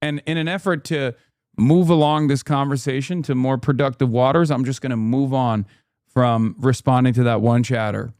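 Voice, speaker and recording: A man's voice: mid-range voice, steady tone, normal speed, darkish tone, no echo, clean studio sound. A man streaming live, reacting to a video and talking to chat with sarcastic, profane commentary.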